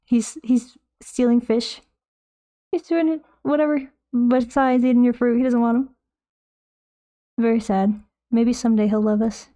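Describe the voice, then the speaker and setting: Young woman on a painting stream, chatty and sweary, kinda high mellow voice. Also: fairly even intonation, a little slow. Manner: playful, swears freely, chatty. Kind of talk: casual chat while painting.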